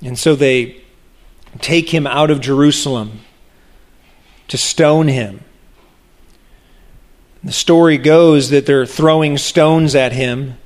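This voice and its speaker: Slow, animated man preaching a sermon. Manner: animated, acts out voices of the crowd with big pitch jumps.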